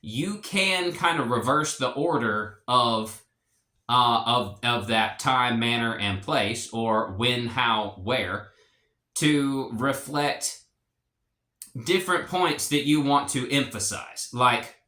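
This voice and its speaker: A man explaining a language lesson in a relaxed, rambling way, with fillers and restarts. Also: mid-range voice, slow pace, roomy sound. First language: English. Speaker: language teacher.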